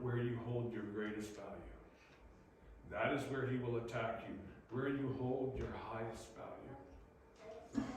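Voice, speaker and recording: A man preaching a sermon, animated, acting out the voices in his stories. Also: mid-range voice, noisy background. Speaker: pastor. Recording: echoey room, from far off.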